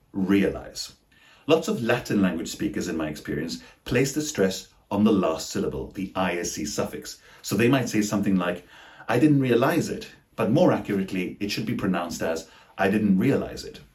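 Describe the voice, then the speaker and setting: Low-voiced man teaching pronunciation. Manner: slow, deliberate, over-articulated example words. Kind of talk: scripted pronunciation lesson.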